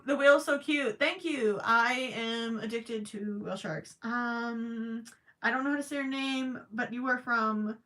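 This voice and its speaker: A woman's voice: a little high, bright, forceful tone. A young woman casually chatting on a livestream while crocheting, reading viewer questions aloud and teasing herself. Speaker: livestream host.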